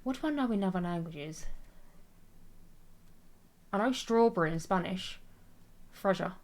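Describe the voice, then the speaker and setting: A young female streamer speaks at a moderate pace in an animated, medium-pitched voice with a darkish tone. While gaming she chats casually and reads the chat, rambling, laughing at herself, and keeping things chatty.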